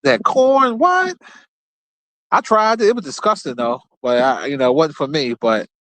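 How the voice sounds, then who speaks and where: A man's voice: mid-range voice, big pitch swings, a little fast, fairly bright tone. A man hosting his own show, telling loose, rambling stories in a casual, profane, laid-back way. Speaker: show host. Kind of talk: casual storytelling monologue.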